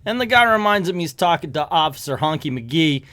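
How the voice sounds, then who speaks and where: A man's voice: on the high side, lively intonation, fairly quick, a bit bright. A man reviewing a comic book in casual commentary, hesitant and rambling, with many fillers.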